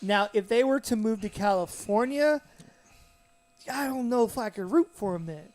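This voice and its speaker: A man's voice: high voice, animated, normal speed, a little mellow, no echo. A man with a Southern US accent co-hosting a casual sports podcast, rambling and correcting himself as he talks. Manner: rambling, self-correcting, easygoing. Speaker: podcast co-host.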